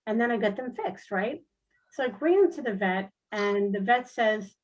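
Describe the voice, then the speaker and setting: A woman, a guest and animal rescuer, telling a comic story on a video call in an animated, lively way, with big jumps in pitch. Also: normal speed, low-quality recording. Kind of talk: casual storytelling on a talk show.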